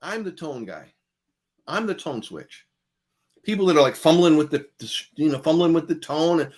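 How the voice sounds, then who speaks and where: A man giving a master class on guitar in a relaxed, conversational way. He repeats phrases for emphasis and swings between loud and soft. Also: on the high side, normal speed.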